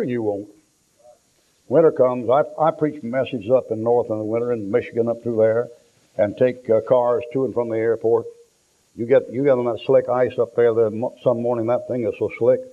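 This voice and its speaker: A male preacher telling homespun stories in a rambling folksy sermon, with restarts and down-home phrasing. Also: on the low side. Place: church. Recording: tinny lo-fi tape.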